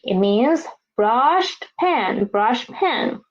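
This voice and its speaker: Slow, lilting woman teaching vocabulary. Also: on the high side, expressive. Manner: repeats each word twice, drawn-out careful pronunciation. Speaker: Chinese language teacher. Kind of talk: slow classroom instruction with read-after-me drills. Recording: dull lo-fi recording.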